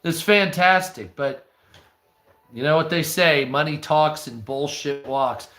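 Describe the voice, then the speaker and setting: A man's voice: fairly high pitch, slow, bright, forceful tone, reverberant. A man hosting a livestream, chatting casually and swearing freely as he rambles through stories and answers his chat. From United States. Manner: profane, storytelling, talks to chat. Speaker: livestream host.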